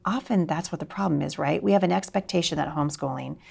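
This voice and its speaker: A middle-aged woman telling a personal story in an interview, animated and expressive, acting out voices and sinking to a soft near-whisper at tender moments. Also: low-pitched, fast, vocal fry, husky. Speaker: homeschooling speaker.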